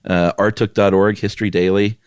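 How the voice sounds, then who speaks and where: A man with a very low voice co-hosts a podcast, rambling in a relaxed, self-deprecating way. The sound is dry and close on a studio microphone. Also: fairly quick, clean tone, no room sound. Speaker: podcast co-host. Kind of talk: casual chat.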